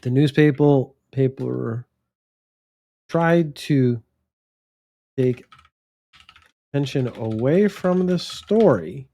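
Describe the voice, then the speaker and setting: Slow, deliberate male English teacher. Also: mid-range voice, dark tone. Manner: slow and deliberate, stretches words out and stresses key words. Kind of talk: vocabulary lesson, thinking aloud.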